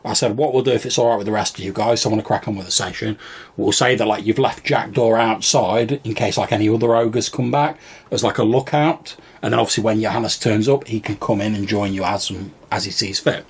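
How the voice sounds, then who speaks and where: Male podcast co-host, low gravelly husky voice, rambling casual recap of a game night. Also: brisk. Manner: rambling, many fillers and restarts. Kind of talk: casual storytelling chat.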